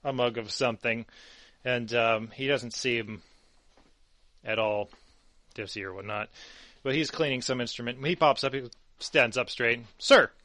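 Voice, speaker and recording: A man's voice: mid-range voice, normal speed, pauses often, no room sound. Game master, male, rambling easy delivery, dry close sound. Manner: relaxed, rambling with many ums. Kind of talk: narrating a tabletop game.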